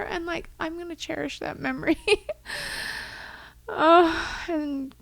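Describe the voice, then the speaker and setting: With a very high voice and vocal fry, a young woman co-hosting a podcast rambles through casual chat at normal speed, using many fillers. She sounds tender and close to tears, and the recording is dry.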